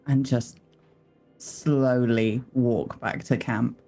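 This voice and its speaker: A man narrates his character in a tabletop role-playing game in a deliberate, descriptive way. His voice is dark and gravelly, with faint music behind him. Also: medium pitch, little pitch movement. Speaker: player.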